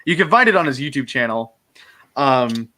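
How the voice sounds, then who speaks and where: A young American man with a medium-pitched, sharp-toned voice speaks at normal speed with big swings in pitch. He's a guest on an online call, talking through a computer mic, rambling, correcting himself and joking around in casual chat.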